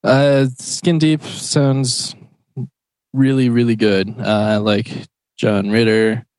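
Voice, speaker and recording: A man on a casual movie podcast, hesitant and filling pauses with uh. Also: mid-range voice, flat delivery, a little mellow, clear, resonant tone, no room sound. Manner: hesitant, filler-heavy. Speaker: podcast co-host. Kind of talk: casual chat.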